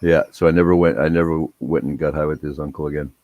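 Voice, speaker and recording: A man's voice: a bass voice, steady tone, fast, dry recording, narrow, tinny audio. A man telling a rambling, profane story in a laid-back casual chat.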